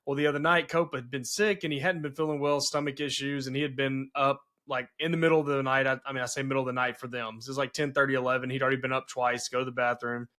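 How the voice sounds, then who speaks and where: A man's voice: medium pitch, little pitch movement, quick pace, few pauses, bright, forceful tone. A man hosting a podcast and telling family stories earnestly, with many restarts. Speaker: podcast host. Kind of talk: casual conversation.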